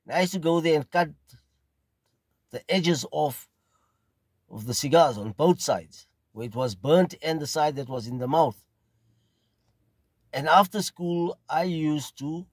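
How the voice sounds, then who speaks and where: A middle-aged man from South Africa with a South African accent, telling a casual, rambling story at an unhurried pace and often repeating phrases. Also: fairly high pitch, husky, dry recording. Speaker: pipe smoking video host.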